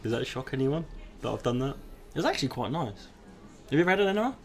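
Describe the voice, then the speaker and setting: A man's voice: medium pitch, very animated, fast, slight background noise. A man co-hosting a live comedy podcast, telling rambling anecdotes in casual chat. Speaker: podcast co-host.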